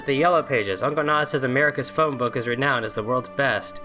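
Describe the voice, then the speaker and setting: A man's voice: mid-range voice, a little fast, music in the background. A man hosting a let's play, reading the game text aloud and adding joking, sarcastic asides, often flustered by the menus.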